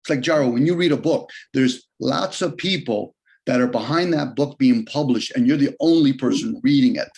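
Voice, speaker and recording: A man talking on a video call in a casual, rambling way, arguing his points and often jumping in pitch for emphasis. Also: moderate pace, creaky, a little mellow. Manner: rambling, argumentative, shifts pitch often for emphasis and quoted voices.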